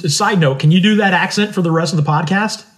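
A man's voice: high voice, quick pace, a bit bright. A man in his fifties from Ohio, co-hosting a podcast and teasing with dry humor. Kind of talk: casual podcast banter.

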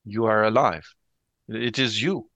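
A man voicing a shaken woman character in a tabletop horror game, speaking in halting, formal phrases. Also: lowish voice, a bit bright, no room sound. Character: shaken middle-aged woman, Sister B, formal.

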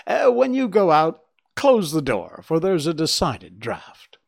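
A man voicing a calm, witty detective who answers threats with bland, quietly mocking remarks. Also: fairly high pitch, a little slow, creaky, husky, voice pushed up, full character voice. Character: calm, witty male detective, unflappable and dry. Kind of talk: dramatic audiobook reading.

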